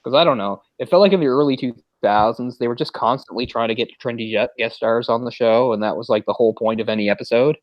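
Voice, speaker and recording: A man hosts a casual movie watch-along, his mid-range voice rushing along with hardly any pauses in a dry recording with clipped highs. He rambles, saying "like" constantly and mimicking voices as he retells scenes.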